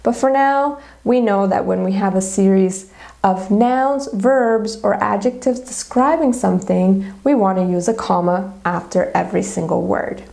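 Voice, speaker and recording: A woman's voice: medium pitch, unhurried, gravelly, darkish tone. A woman teacher giving a grammar lesson video, explaining methodically step by step with examples.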